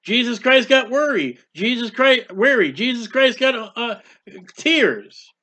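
A man's voice: very high-pitched, lively intonation, takes it slowly, bright, forceful tone. A man preaching a sermon, fervent and repetitive, with rhetorical questions and acted-out prayers.

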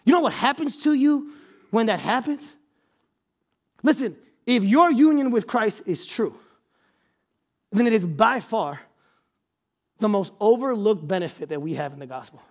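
High-pitched man preaching with shouted emphasis. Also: expressive, unhurried, pauses often. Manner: repeats words and restarts phrases. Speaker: pastor. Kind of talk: sermon.

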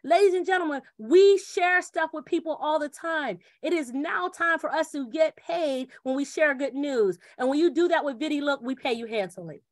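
A woman presenting a referral program in an energetic sales pitch, who acts out little dialogues and keeps repeating catchphrases. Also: moderate pace, hardly any pauses, dry recording, clean studio sound.

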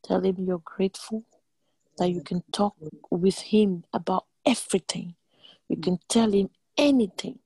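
A woman leading an online prayer meeting, preaching in a motherly, animated way and laughing often. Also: mid-range voice, moderate pace, husky, no echo. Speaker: prayer leader.

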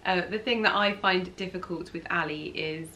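A woman's voice: fairly low pitch, moderate pace, sharp tone, slight background noise. A woman casually chatting with her husband at home, telling stories and laughing. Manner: storytelling, laughing as she talks. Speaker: co-host, wife. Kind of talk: casual couple Q&A chat.

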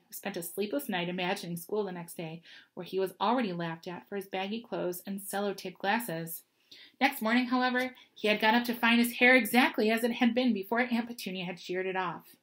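A woman reads a storybook chapter aloud, steady and expressive. Her voice sits in a middle range for a woman. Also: mid-range voice. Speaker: reader. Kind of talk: storybook reading.

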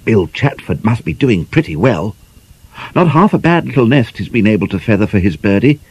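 A man's voice: on the low side, big pitch swings, normal speed, a little mellow, husky. A man doing a nosy, envious gossip. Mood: gossipy. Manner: chatty, gossiping. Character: nosy, envious, vulgar middle-aged man. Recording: dull, muffled audiobook recording.

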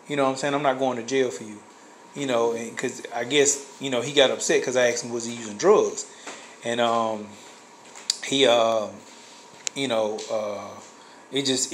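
A man's voice: medium pitch, a little hiss or hum, rough recording. A man casually telling a personal story, rambling with many fillers and restarts. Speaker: guest sharing a testimony.

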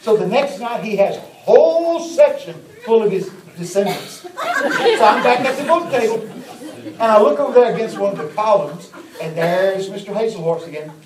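A man preaching a sermon, telling folksy, lively anecdotes. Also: sits high, moderate pace, crowd noise. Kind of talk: storytelling sermon. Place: large church hall. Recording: echoey church from far off. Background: congregation.

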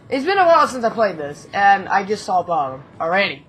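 A woman's voice: mid-range voice, very animated, brisk, few pauses, fairly bright tone, slightly rough. A woman hosting a horror game playthrough, joking and cursing, yelping at scares, her voice getting worn from screaming. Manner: jumpy, yelps and screams at scares; joking, swears a lot. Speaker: gaming video host. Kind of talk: let's-play commentary.

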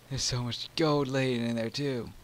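On his personal gaming channel, a man with a Southern US drawl provides let's play commentary in a low mutter punctuated by excited or frustrated bursts. The audio is poor, with a bit of hiss or hum.

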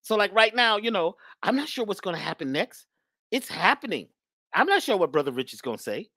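A woman's voice: medium pitch, big pitch swings, fairly quick, a bit bright, dry recording, studio quality. A woman giving an emphatic spiritual talk in a preachy manner, often repeating her phrases. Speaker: spiritual speaker.

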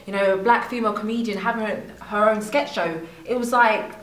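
A woman's voice: mid-range voice, steady tone, brisk. A woman hosting an interview, enthusiastic and laughing often. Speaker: interviewer host. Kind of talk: casual interview chat. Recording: echoey room.

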